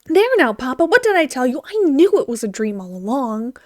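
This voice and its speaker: A woman voicing an impatient, bossy little girl who talks in an excited, demanding way. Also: high voice, fairly quick, no room sound, clean studio sound.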